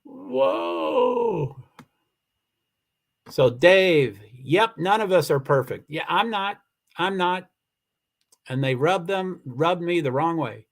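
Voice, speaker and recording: Halting, insistent man livestreaming. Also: fairly high pitch, expressive. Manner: halting, many restarts, firm and insistent when annoyed. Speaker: livestream host. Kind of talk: casual livestream chat reading comments.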